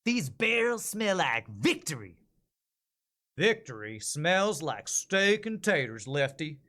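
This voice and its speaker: Gruff texas marshal, a guy putting it on, slow drawl, kinda high for a cowboy. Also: very animated, sharp tone, heavily acted. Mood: stern, taunting.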